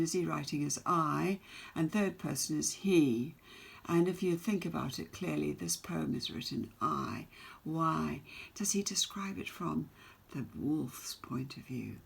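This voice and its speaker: Woman teacher, low voice, slow questioning delivery, poetry lesson. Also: gravelly, breathy edge. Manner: slow, questioning, reads poem aloud with emphasis.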